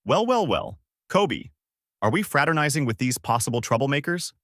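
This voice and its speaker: A man's voice: medium pitch, animated, fairly quick, a bit bright, no room sound, clean studio sound, natural voice. A man voicing sneering, threatening pirate thugs with a mocking way of talking. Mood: menacing.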